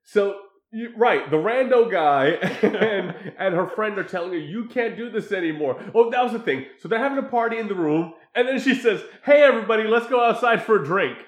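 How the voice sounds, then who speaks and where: High-voiced man laughing through a recap. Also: normal speed. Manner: animated, laughing, acts out scenes. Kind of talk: casual chat recapping a movie. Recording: echoey room.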